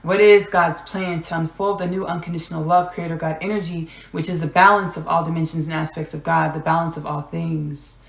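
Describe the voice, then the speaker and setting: Gravelly-voiced woman in an echoey room. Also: low voice, flat delivery, brisk, few pauses. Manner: repeats phrases, drifts into whispers. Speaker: podcast host. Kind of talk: spiritual channeling monologue.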